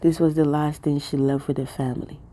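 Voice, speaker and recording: A woman's voice: deep voice, level tone, a little fast, warm tone. A woman vlogger giving an emotional spiritual monologue, talking in a repetitive, preacher-like way and close to tears. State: tearful.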